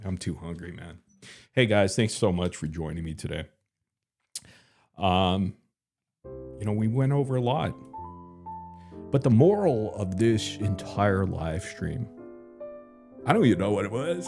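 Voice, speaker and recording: Rambling, crude low-voiced male streamer. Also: animated, measured pace, long pauses, a little mellow, faint music behind. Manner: loose, profane, joking, repeats himself. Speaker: live stream host.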